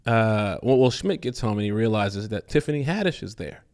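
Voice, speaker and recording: A man's voice: fairly low pitch, expressive, brisk, a little mellow. A man co-hosting a podcast in casual chat, playful and teasing, laughing often. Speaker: podcast co-host.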